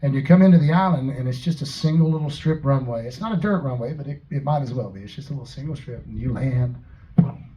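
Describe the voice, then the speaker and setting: A man's voice: mid-range voice, fast talker, mellow, low-quality recording. A man from Tennessee, a singer-songwriter telling joking, laid-back stories between songs at a house concert. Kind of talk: live stage banter between songs.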